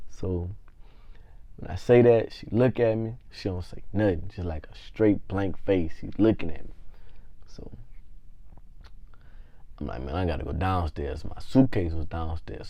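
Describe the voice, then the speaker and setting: A man vlogging a casual storytime in slangy, animated speech that swings from hushed to loud. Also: fairly low pitch, no echo, lo-fi sound.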